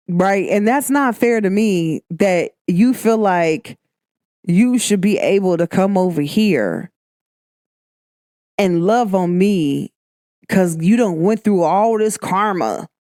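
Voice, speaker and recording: A woman's voice: mid-range voice, dark tone, no echo. Emphatic woman podcast host, dry sound. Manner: emphatic and preachy, calls listeners "baby". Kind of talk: casual spiritual advice talk.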